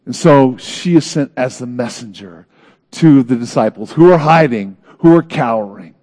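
A man preaching a sermon in an earnest, dramatic way, swinging between loud emphasis and hushed moments. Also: mid-range voice, animated, moderate pace. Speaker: pastor.

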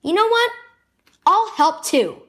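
A woman's voice: very high voice, big pitch swings, slow pace, a bit bright, voice pushed up, full character voice. A woman voicing a blunt, demanding younger brother in a storybook reading. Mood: won over.

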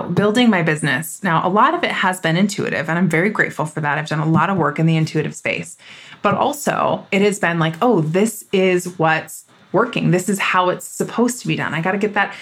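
A woman in her thirties hosting her own podcast. She talks straight to the listener in an emphatic, fired-up way, candid and a little loud at times. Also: lowish voice. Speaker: podcast host. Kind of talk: solo podcast monologue.

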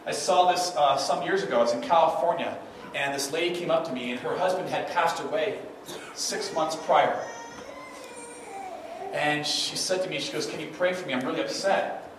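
A man's voice: fairly high pitch, normal speed. A man preaching a conversational sermon as a pastor, often checking in with the listeners. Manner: conversational, asks the listeners "right?". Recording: far from mic in an echoey hall, noisy.

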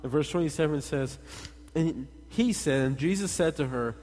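A man preaching a sermon in a lively, conversational way, talking straight to his congregation. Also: a little high, normal speed. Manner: animated, conversational, addresses the congregation directly. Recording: long hall reverb.

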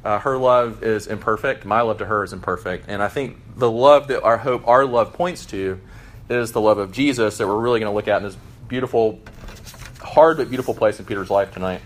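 A man in his thirties gives a sermon in an earnest, conversational way. His voice sits slightly low, and his delivery is relaxed and unpolished, with fillers and restarts. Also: fairly quick. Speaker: pastor. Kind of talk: sermon with scripture reading.

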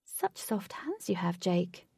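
A cheerful young woman in a storybook, light and playful, lifted higher than the narration, as a woman narrator puts her on. A gravelly texture stays underneath in a dry, close recording. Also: sing-song, slow, darkish tone, no echo, heavily acted.

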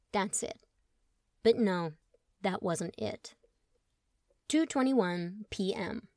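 Casting: expressive woman audiobook narrator, wry, dry close studio sound. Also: mid-range voice, no room sound.

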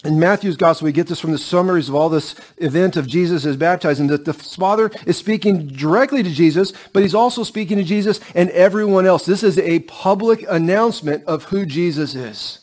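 A middle-aged man preaching a sermon as pastor, earnest and emphatic, slowing down and dropping to a hush on key lines. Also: high-pitched.

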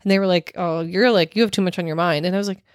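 A woman's voice: fairly low pitch, steady tone, rapid-fire, dry recording, clean studio sound. A woman co-hosting a podcast in casual chat, telling stories with lots of "like" fillers. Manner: chatty storyteller, heavy filler "like". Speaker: podcast co-host.

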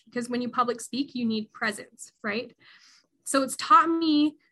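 Young woman in her 20s, interview guest, earnest and reflective, slightly high, bright voice. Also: a little slow. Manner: earnest and reflective, with frequent restarts. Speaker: podcast guest, harpist. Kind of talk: interview answers.

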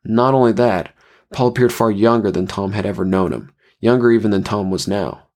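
A man narrating a scripted horror story in a measured way. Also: fairly low pitch, darkish tone.

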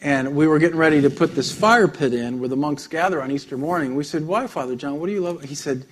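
A man, a pastor, preaching a sermon, telling stories with frequent light laughs and drops to a soft, intimate tone. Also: on the high side, a little fast, a little hiss or hum.

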